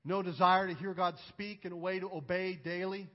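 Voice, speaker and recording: A man preaching a sermon as pastor, earnest and emphatic, building intensity and then dropping low. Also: steady tone, moderate pace. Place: church sanctuary. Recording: muffled recording with long hall reverb.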